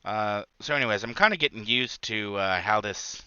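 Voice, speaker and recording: Man, gaming channel host, live gameplay commentary, rambly with fillers, very bright crisp tone, dull lo-fi dry recording. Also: on the low side, moderate pace, no room sound. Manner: rambling, many filler words and restarts.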